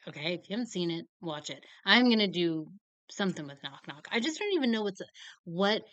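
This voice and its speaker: Young woman, casual film reviewer, rambling and animated, bright voice, dry close mic. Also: lowish voice, fairly quick, no room sound. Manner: rambling, animated, filler-heavy. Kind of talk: casual chat.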